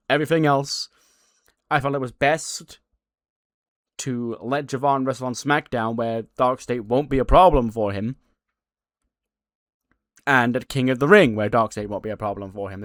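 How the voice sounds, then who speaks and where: A man voicing a calm, faintly smug male general manager of a wrestling show. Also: medium pitch, no echo, clean studio sound, close to an everyday voice.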